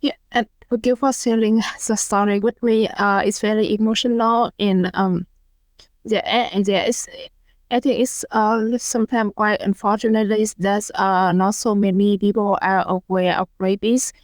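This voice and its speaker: A woman's voice: medium pitch, steady tone, normal speed, dry recording. A woman interviewing a guest, asking questions hesitantly with many fillers.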